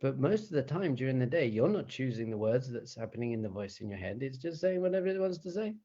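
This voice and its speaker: A man, a rabbi, teaching meditation in a conversational, animated way, often chuckling and asking the listeners rhetorical questions. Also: medium pitch, quick pace, dull audio.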